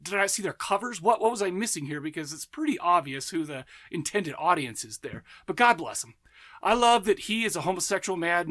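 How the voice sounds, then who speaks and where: This horror movie podcast host talks in a high-pitched, slightly bright voice, delivering a casual, excited monologue. He rambles, cuts himself off, and often corrects what he just said. His anecdotes come with laughter and acted-out voices.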